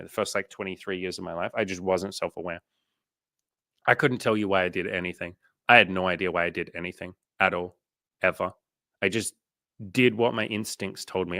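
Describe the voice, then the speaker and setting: A man's voice: sits low, gravelly, fairly bright tone, no echo. A man hosting a casual livestream coaching chat, swearing casually and animatedly retelling conversations.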